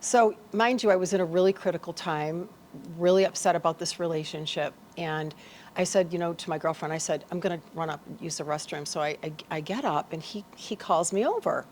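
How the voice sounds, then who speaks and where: A woman's voice: lowish voice, fairly quick, a little hiss or hum. A woman life coach, a podcast guest, telling a personal story in casual conversation and acting out the dialogue as she goes. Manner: animated, acts out dialogue in her stories.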